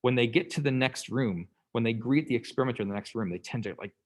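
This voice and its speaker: A man's voice: mid-range voice, fast, background noise. A man lecturing a class in a conversational way, often checking in with "okay?" and "right?" and briefly acting out the people in his examples. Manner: acts out quoted people in passing.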